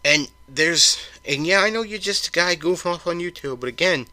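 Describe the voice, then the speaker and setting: Guy ranting solo on his podcast, real bright edgy voice, dry close sound, swears a lot and trips over his words. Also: a little high, lively intonation, moderate pace, no echo. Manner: heated, profane, stumbling restarts. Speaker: podcast host.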